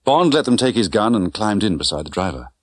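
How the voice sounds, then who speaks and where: A man narrating an audiobook with an expressive, dramatic reading. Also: fairly low pitch, fairly quick, no echo. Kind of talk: scripted narration. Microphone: close studio mic.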